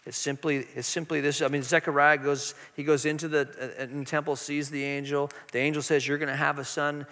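Pastor guy preaching, earnest and emphatic, high voice, long echoey hall. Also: little pitch movement, brisk, few pauses, a bit bright. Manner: earnest and emphatic, with frequent repetitions. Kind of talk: sermon.

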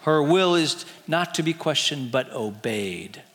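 A man voicing a stern male gnome warden who guards an underground realm, speaking low and grave. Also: lively intonation, a little slow, fairly bright tone, long reverb tail. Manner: grave, commanding, low-pitched.

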